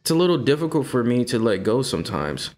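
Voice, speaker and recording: A man's voice: medium pitch, big pitch swings, quick pace, a little mellow, lightly acted. A man reading the lines of a pretentious young artist in a game, earnest and self-serious.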